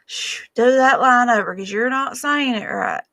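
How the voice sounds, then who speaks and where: A woman's voice: fairly high pitch, measured pace, dry recording, studio quality, pitched above the performer's own voice. A woman voicing an exasperated female drama teacher who sharply corrects a student's line. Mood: scolding. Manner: sharp, scolding.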